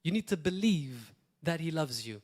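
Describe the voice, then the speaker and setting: A man preaches a sermon. His voice sits a little high for a man, and he speaks in a plain, conversational way. He repeats key phrases and breaks off for short asides. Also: lively intonation, moderate pace, darkish tone. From Malta. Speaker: pastor.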